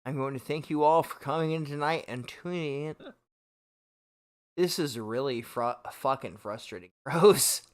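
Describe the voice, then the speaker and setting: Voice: mid-range voice, measured pace. A livestreamer ranting with constant swearing, tipsy from shots and hiccuping between words. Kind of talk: drunken livestream rant.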